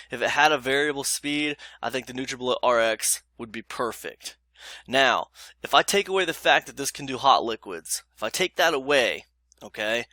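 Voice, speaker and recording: Bright-voiced man chatting about blenders. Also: mid-range voice, no room sound. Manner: chatty, loose, lots of fillers, addresses viewers as "you guys"; emphatic, repeats points. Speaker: YouTube blender reviewer. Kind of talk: casual product review vlog.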